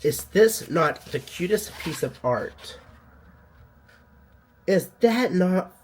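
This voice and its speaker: A man's voice: sits high, lively intonation, takes it slowly, a little hiss or hum. A man chatting casually in a vlog, a boutique owner telling stories in a sassy way, coughing now and then while under the weather.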